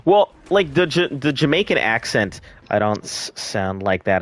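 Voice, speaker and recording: A man's voice: mid-range voice, lively intonation, unhurried, hardly any pauses. A man streaming a survival game, chatting casually and muttering to himself as he plays. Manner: mutters quietly to himself while playing. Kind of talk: casual gameplay chat.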